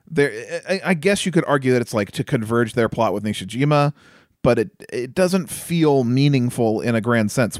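A man's voice: mid-range voice, a little mellow, no echo, studio quality. A man co-hosting a casual film review chat, chatty and incredulous, often laughing. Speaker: podcast co-host reviewing a film.

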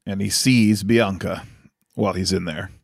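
A man's voice: sits low, steady tone, moderate pace, vocal fry, slightly rough, dry recording, clean studio sound. A man co-hosting a podcast, telling rambling stories in casual chat and laughing often. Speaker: podcast co-host.

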